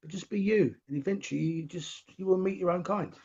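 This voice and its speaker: Husky London man on a dull call line. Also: high voice, brisk, darkish tone. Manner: easygoing, jokey. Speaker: guest. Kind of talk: casual interview on a video call. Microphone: video call.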